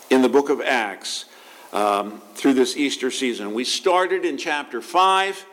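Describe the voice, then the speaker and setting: A man's voice: medium pitch, fairly bright tone. A man, a pastor, giving a conversational sermon with asides and restarts.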